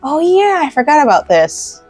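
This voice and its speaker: A woman's voice: high voice, big pitch swings, moderate pace, darkish tone. A woman hosting a casual let's play, chatting in a rambling way and giggling while she crochets. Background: faint game music.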